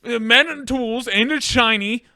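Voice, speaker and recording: A man's voice: extremely high pitch, unhurried, pushed and bright. A young man co-hosting a podcast, reacting with jokes and frequent laughter in casual chat. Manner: joking, reactive, laughs often. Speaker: podcast co-host.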